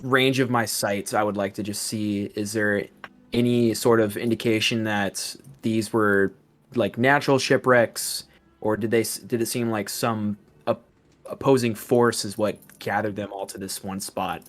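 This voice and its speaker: A man's voice: fairly low pitch, fairly even intonation, unhurried. A man playing a tabletop game, speaking earnestly in character and breaking into joking asides. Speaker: player.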